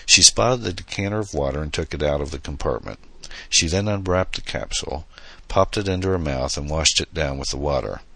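A man narrates a novel in a steady, measured way. His voice sits extremely low yet has a bright, slightly husky edge, and the close recording is dry with no room sound. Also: dry recording. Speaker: audiobook narrator. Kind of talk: scripted narration.

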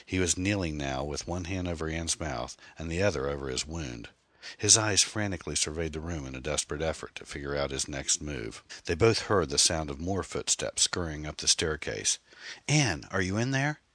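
A man reading a mystery novel aloud in a measured, dramatic narration. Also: a bass voice, fairly bright tone, no room sound. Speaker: audiobook narrator. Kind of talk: scripted narration.

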